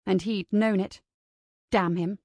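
A woman narrates an audiobook in a measured, expressive reading voice. Her pitch sits in the middle range. The recording is dry and close, with no room sound. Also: no echo.

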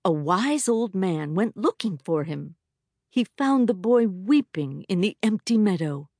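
A school librarian reads a fable to a room of children in a lively, sing-song storybook voice, voiced by a woman. She colors every line with swooping pitch. The sound is close and dry. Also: unhurried, dry recording. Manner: expressive, dramatic storytelling. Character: warm school librarian reading a fable aloud. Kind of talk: reading a story aloud to children.

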